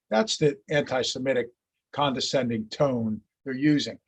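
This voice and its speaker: A man giving a history lecture, telling the story with lively acted-out quotes. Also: a little high, moderate pace, slightly rough.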